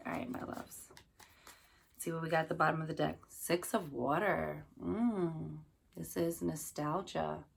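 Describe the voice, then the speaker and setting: A woman's voice: sits low, steady tone, measured pace, gravelly, breathy edge. A woman giving a casual tarot reading to her viewers, chatty and loose, full of "like" and "you know", speaking to her audience fondly. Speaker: tarot card reader.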